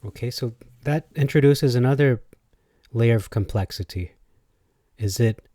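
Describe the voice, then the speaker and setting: A man's voice: medium pitch, moderate pace, long pauses, warm tone, no echo, studio quality. A man explaining things in a casual spoken video. He thinks aloud and hesitates, and he tries out different pronunciations as he goes.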